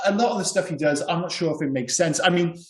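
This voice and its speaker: A man's voice: fairly high pitch, fast talker, a little hiss or hum. Man chatting with an echoey room sound. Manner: rambling, animated, repeats yeah and you know. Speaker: podcast co-host. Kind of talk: casual film discussion.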